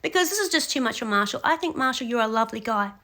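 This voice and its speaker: A woman's voice: a little high, animated, fast, bright, forceful tone. A young adult woman giving blunt, scolding reality show commentary, speaking straight to a contestant. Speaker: reaction commentator.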